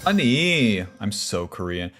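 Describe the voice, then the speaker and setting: Male streamer, lower register, swears freely, wry and grumbly, casual chat while playing. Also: sing-song, slow pace, pushed and bright, slight background noise.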